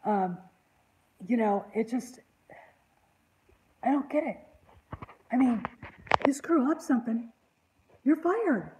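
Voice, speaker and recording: A woman's voice: on the high side, expressive, slow, pauses often, background noise. A woman hosting an online channel, rambling in casual panel chat with an exasperated, indignant tone.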